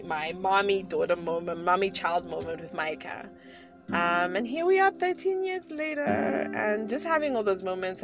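A woman in her thirties telling a personal story to her viewers in a chatty way, laughing often and restarting her sentences. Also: lowish voice. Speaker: vlogger. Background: background music.

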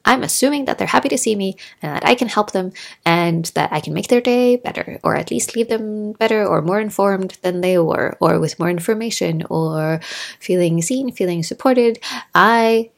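A woman in her thirties hosting a solo podcast, talking in a chatty, animated way and acting out little quotes as she tells stories. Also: mid-range voice, normal speed, creaky. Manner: chatty, animated storytelling with laughs and acted-out quotes. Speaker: podcast host. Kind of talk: casual solo podcast monologue. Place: Norway.

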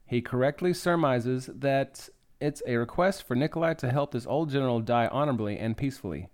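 A man's voice: mid-range voice, a little fast, a little mellow. A young adult man hosting a podcast, recapping a film scene by scene in a chatty, enthusiastic way and swearing freely. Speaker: podcast host.

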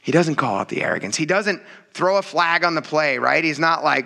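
Guy preaching to his church, bright forceful voice a bit on the high side, chatty and animated. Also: a little fast, gravelly, few pauses. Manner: animated, acts out voices in quoted dialogue; casual, addresses congregation as "you guys". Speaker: pastor. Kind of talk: sermon.

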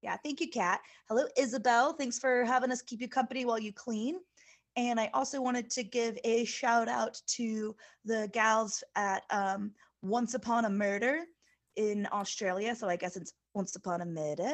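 A woman's voice: fairly high pitch, steady tone, normal speed. A woman co-hosting a podcast, chatting casually with jokes and swearing. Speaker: podcast co-host. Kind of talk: casual chat.

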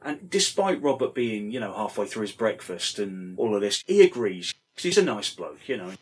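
Guy rambling thru a story, husky voice, swears a lot. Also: fairly low pitch, big pitch swings, moderate pace, darkish tone. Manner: swears casually, rambling with fillers. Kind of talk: casual anecdote.

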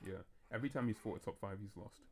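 A man hosting a casual podcast chat, talking in a fast, rambling way that keeps restarting itself. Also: on the low side, darkish tone. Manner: fast, rambling, self-interrupting talk. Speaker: podcast host.

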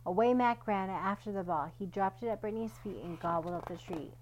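Woman, storybook reader, gentle read-aloud, children's picture book, middle pitch. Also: a little fast, rough recording. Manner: gentle storytelling, lightly voicing characters.

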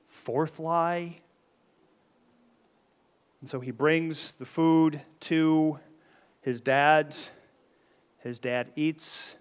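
A man's voice: on the high side, steady tone, very slow, pauses often, smooth. A man preaching a sermon in a conversational way, often checking in with the listeners and restarting his phrases. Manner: conversational, keeps adding "right?", frequent restarts.

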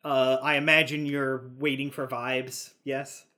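A man's voice: mid-range voice, little pitch movement, a little slow, sharp tone. Laid-back male game master. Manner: casual, loose narration full of fillers and chuckles. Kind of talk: narrating a tabletop game.

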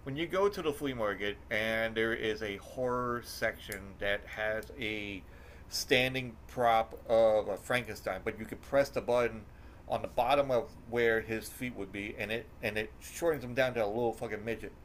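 A man's voice: on the low side, moderate pace, slight background noise. A man hosting a podcast, telling a rambling, profane story in casual chat. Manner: rambling, profane, animated when telling stories. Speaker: podcast host.

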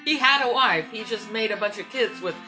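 A woman's voice: medium pitch, lively intonation, brisk, sharp tone, faint music behind. A woman hosting a casual podcast, dry and sarcastic, trailing off into fillers as she thinks. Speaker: podcast host. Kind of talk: casual chat.

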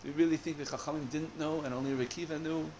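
Animated man teaching a Torah class. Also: a little high, rapid-fire, slight background noise. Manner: animated, searching for words with many restarts.

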